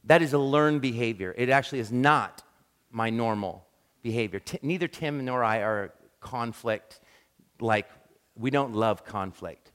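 A man preaching a sermon, telling animated, self-deprecating stories and acting out quick quotes. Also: medium pitch. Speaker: pastor. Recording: long reverb of a large hall.

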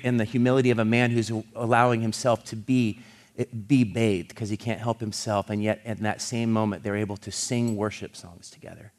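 A middle-aged man preaches a sermon in a somewhat low voice. He tells stories earnestly and haltingly, restarting phrases, then rises in force as he presses a point home. He speaks as a pastor addressing his congregation. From California. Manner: earnest, halting restarts, swells louder when building a point. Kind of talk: sermon storytelling.

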